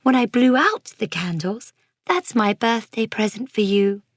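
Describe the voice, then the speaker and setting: A woman's voice: fairly high pitch, expressive, unhurried, no echo, studio quality. A woman voicing a boastful, scatterbrained grown-up babysitter in a children's storybook, speaking grandly and cheerfully.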